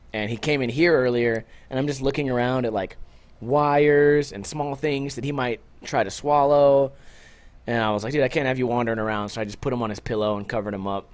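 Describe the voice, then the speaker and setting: A man hosting a podcast alone, rambling casually and joking with a lot of swearing, short on sleep. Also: mid-range voice. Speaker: podcast host. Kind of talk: casual solo podcast chat.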